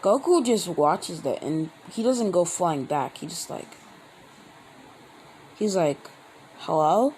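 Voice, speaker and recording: A man hosting his own channel, telling a fan-made story in a rambling, halting way with many restarts. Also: high voice, sing-song, darkish tone, slight background noise, poor audio. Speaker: channel host. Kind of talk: casual fan-fiction storytelling.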